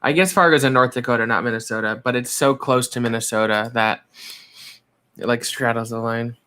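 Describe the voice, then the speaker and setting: A co-host chatting casually during a movie watch-along, agreeable and quick to laugh. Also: medium pitch, fairly even intonation, sharp tone. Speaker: podcast co-host.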